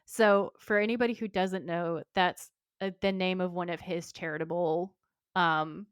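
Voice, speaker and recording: A woman co-hosting a podcast, chatting warmly and enthusiastically and reading a post aloud. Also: lowish voice, fairly even intonation, moderate pace, clear, resonant tone, dry recording, clean studio sound. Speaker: podcast co-host. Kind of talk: casual chat and reading aloud.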